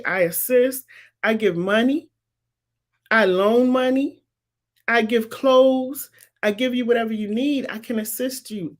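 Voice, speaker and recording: A woman, hosting a live commentary show and making her points with emphatic, repetitive insistence. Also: fairly high pitch. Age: 50s. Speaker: talk show host. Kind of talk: live-streamed commentary answering viewers.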